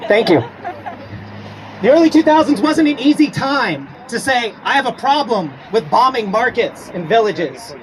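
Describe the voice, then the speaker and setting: A man's voice: very high voice, very animated, normal speed, crowd noise, rough recording. A man giving an earnest, reflective political speech at an outdoor protest rally. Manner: reflective, earnest, occasional laughter. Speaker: rally speaker.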